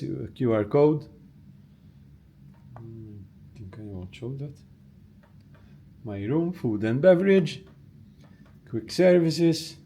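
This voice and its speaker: A man with a Maltese accent, a travel vlogger who gives a relaxed, chatty tour of his hotel room and thinks aloud with small fillers, recorded on a handheld camera. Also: mid-range voice. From Malta. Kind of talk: casual vlog room tour.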